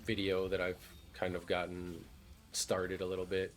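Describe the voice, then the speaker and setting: A man's voice: sits low, monotone, normal speed, a little hiss or hum. A man streaming a game, chatting casually in a laid-back, joking way, swearing freely. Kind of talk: casual gameplay commentary.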